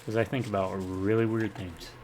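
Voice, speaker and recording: A man's voice: on the low side, level tone, moderate pace, darkish tone, a little hiss or hum. A man from the American South rambling casually while commenting on his gameplay. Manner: rambling, chatty, self-deprecating. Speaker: let's play gamer.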